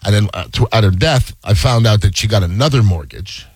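A man's voice: on the low side, fairly quick, slightly rough, no room sound. A man chatting casually, with wry, blunt remarks. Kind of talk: casual chat.

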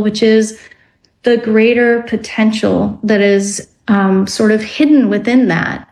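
Thoughtful woman explaining dreams slowly. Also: medium pitch, gravelly, a little mellow, rough recording. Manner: reflective, explanatory, with slow drawn-out words. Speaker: guest author on dreams. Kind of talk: radio interview.

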